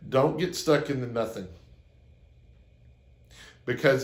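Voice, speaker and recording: Here an earnest man with a medium-pitched voice talks a little slowly, his sound roomy. Looking into the camera, he gives relationship advice through anecdotes, acting out the lines he quotes.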